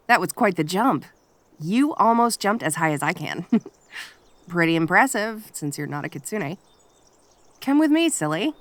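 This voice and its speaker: Young woman voicing a female kitsune friend, playful, teasing, protective, animated intonation, audio role-play. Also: mid-range voice, no room sound. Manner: teasing and cheerful, softly reassuring.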